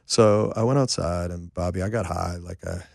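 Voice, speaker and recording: A man who writes and produces songs, telling a rambling, lively story as a guest in a casual chat at home, full of fillers and asides. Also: sits low, normal speed, creaky, dry recording, studio quality. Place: a home, indoors.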